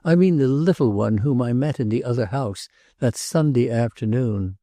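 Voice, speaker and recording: Tormented jealous prince in a storybook, high-strung and pleading, dark gravelly tone, as a male reader does him. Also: normal speed, no room sound, studio quality, close to an everyday voice. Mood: agitated. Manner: excited, pleading, repeats himself. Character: jealous agitated nobleman, tormented.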